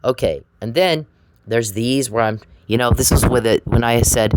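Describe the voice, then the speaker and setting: With an extremely low-pitched voice at normal speed, a woman vlogger confronts an adversary in an angry rant to the camera, sarcastic and full of profanity, repeating herself often. The audio is very noisy.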